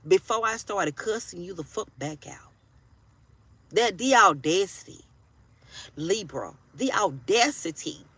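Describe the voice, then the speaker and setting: A woman's voice: medium pitch, animated, measured pace, pauses often, a bit bright, breathy edge, no echo. Blunt, cussing woman in her forties. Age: 40s. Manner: blunt, profane, preachy, keeps asking "do you hear me?". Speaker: tarot reader. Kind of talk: casual tarot reading for a sign.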